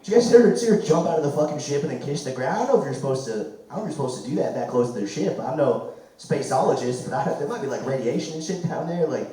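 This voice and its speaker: A man doing a loud, crude stand-up set, his voice going hoarse. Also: on the high side, expressive, racing. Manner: loud, crude, rambling jokes. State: losing his voice. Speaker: stand-up comic. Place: comedy club stage. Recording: echoey room, mic far off.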